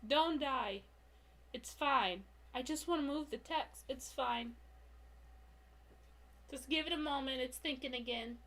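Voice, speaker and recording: A young woman comic artist giving a casual live-stream drawing tutorial, chatty and self-mocking, laughing often and talking to her slow computer. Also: high-pitched, fairly bright tone.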